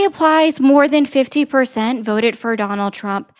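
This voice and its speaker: Higher-voiced lady streamer reading chat out loud, snarky and casual. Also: a little slow, few pauses. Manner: sarcastic, reads out and answers viewer comments. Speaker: political commentary livestream host.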